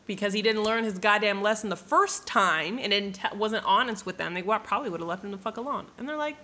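A young woman casually retelling a book in an animated, profane way, full of fillers and asides. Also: medium pitch, fast, hardly any pauses. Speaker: book summarizer.

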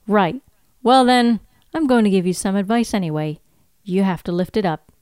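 Teasing Scottish male runner, woman putting it on, playful, smooth, dry. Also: medium pitch, lively intonation, normal speed, a little mellow, no room sound, close to an everyday voice. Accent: put-on Scottish. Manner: playful, teasing, calls people brother. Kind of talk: read-through of a TV scene.

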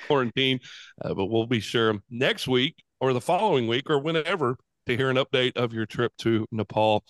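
A man's voice: medium pitch, lively intonation, normal speed, dry recording. A man co-hosting a podcast in casual, joking chat, laughing often. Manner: upbeat, laughs often, jokey. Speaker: podcast co-host.

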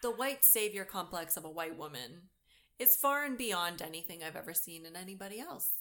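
A woman's voice: fairly low pitch, lively intonation, brisk, bright, forceful tone. A woman co-hosting a casual talk show, making dry, wry remarks. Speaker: podcast co-host. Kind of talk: casual chat.

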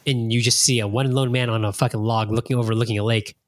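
A man at a middle pitch hosting a casual podcast, loose and animated, peppering his talk with swearing and playing out his own reactions. The sound is dry and close, with no room around it. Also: fast talker, dry recording. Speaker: podcast host. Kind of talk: casual chat.

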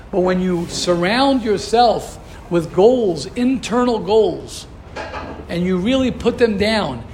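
A man's voice: high voice, darkish tone, slight background noise. A man, a rabbi, giving a class in an earnest, coaching way, pressing his listeners with repeated questions. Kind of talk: Torah class talk.

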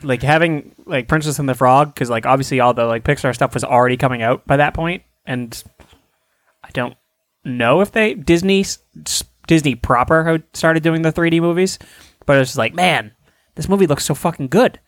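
A man's voice: a little high, normal speed, dry recording, studio quality. Teasing man with a raised voice. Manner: teasing, joking, with many fillers. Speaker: podcast co-host. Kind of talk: casual chat.

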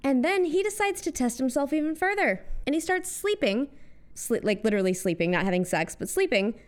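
A woman's voice: high-pitched, very animated, fairly quick. A young American woman hosting a scripted comedic monologue, with sarcastic, punchy asides. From United States. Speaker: host.

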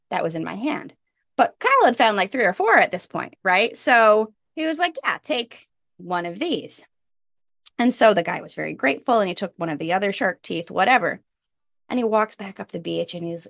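Low gravelly woman telling a story. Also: dry recording, studio quality. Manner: animated, jumps up in pitch for quoted lines. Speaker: podcast guest. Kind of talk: casual storytelling.

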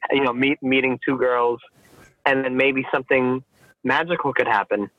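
A man's voice: mid-range voice, steady tone, moderate pace, no echo. Rambling man on a tinny phone-like line. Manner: rambling, repeats himself, blunt. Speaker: podcast co-host. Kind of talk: casual banter.

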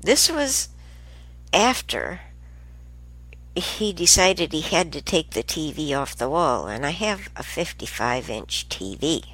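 Lady rambling thru a story, low voice, bouncy and slow, lots of little laughs and asides. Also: very animated, fairly bright tone. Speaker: show host. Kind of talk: casual monologue.

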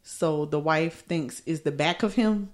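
A woman's voice: low-pitched, measured pace. A woman co-hosting a podcast in a small studio, telling stories in a laid-back, plain-spoken way. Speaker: podcast co-host. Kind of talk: casual chat.

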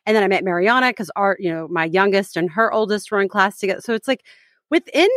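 A woman's voice: medium pitch, fast, a bit bright, no echo, clean studio sound. A woman in her thirties co-hosting a podcast in casual chat, teasing and rambling with lots of fillers and restarts. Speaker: podcast co-host.

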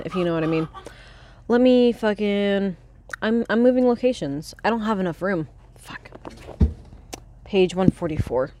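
A young woman vlogging casually by her chicken coop, rambling and swearing as she hushes her hens. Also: lowish voice, noisy background. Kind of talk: casual chat while reading aloud. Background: faint chicken clucking.

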